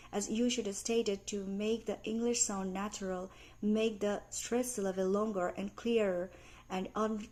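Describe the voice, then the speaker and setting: A young adult woman reading out a class presentation on teaching pronunciation, careful and measured, with small grammar slips. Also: medium pitch, darkish tone. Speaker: student presenter. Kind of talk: read academic class presentation.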